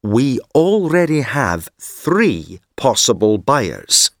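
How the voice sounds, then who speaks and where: A man's voice: medium pitch, sing-song, slow, no room sound, exaggerated voice. A man playing a sly, persuasive con man. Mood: hushed. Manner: confiding, turns hushed and secretive.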